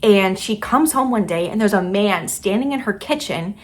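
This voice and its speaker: A woman's voice: medium pitch, animated, moderate pace. A young woman chatting casually about books she loved, with lots of filler words. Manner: chatty, many "like" and "kinda" fillers. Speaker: book vlogger. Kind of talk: casual book review chat.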